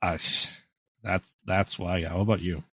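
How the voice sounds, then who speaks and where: Deep, slightly rough, and steady in tone, this podcast co-host talks a little slowly on a dry recording. His casual take on a film comes out relaxed and tentative, with ums, restarts, and dry side comments.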